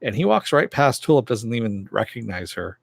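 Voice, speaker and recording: A man's voice: sing-song, brisk, creaky, no room sound, studio quality. A man casually recapping a TV episode in a rambling way, full of fillers, lifting his voice when he quotes the characters. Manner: rambling, many fillers, raises pitch when quoting characters. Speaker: TV episode reviewer.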